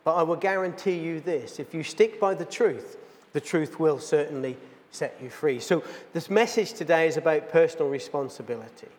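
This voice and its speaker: A man's voice: fairly high pitch, normal speed, darkish tone, in a large hall. A man, a pastor giving an earnest sermon, telling a plain-spoken story to his congregation. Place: church.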